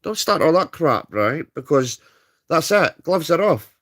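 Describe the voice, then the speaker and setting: A man's voice: fairly high pitch, very animated, measured pace, fairly bright tone. A British man ranting on a livestream, heated and swearing, tagging his points with "right?". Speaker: streamer. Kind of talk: angry livestream rant.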